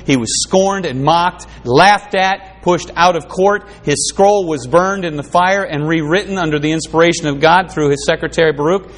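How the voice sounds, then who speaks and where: A man preaching a sermon, reading scripture aloud with fervent, rising and falling emphasis. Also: a little high. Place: room with an audience.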